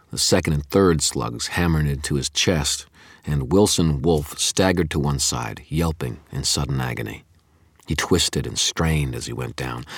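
Very deep, husky male narrator. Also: no echo, studio quality. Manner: intense, dramatic first-person reading. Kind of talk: audiobook narration.

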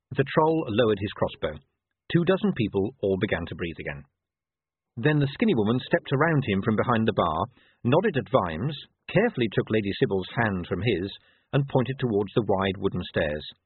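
A man reads an audiobook in a measured, expressive voice with a lively pitch. His tone is husky. The sound is thin and dry, like a phone line. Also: no echo. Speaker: audiobook narrator. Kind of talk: audiobook narration.

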